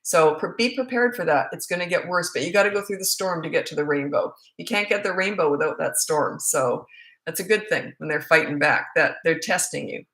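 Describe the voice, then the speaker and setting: A woman's voice: on the low side, lively intonation, brisk, fairly bright tone. A woman in her fifties, a parenting coach answering questions with emphatic, repetitive advice and some self-mocking laughter. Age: 50s. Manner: emphatic, repeats key advice, laughs at herself. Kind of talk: live Q&A advice. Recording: roomy echo.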